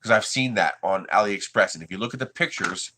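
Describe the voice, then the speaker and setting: A man's voice: on the low side, a little fast, sharp tone. A man from the United States hosting a 3D printing livestream, chatting casually with his viewers and chuckling often.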